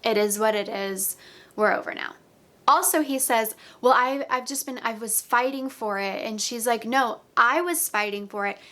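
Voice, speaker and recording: A young woman talks through a reality-show recap in a casual, chatty way, retelling scenes and acting out bits of dialogue. Her voice sits a little high. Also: normal speed, fairly bright tone.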